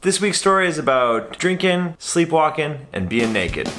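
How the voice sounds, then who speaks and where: Animated man telling comic stories. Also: fairly high pitch, moderate pace. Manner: animated, exaggerated, playful. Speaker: comedian and magician. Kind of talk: comic storytelling vlog.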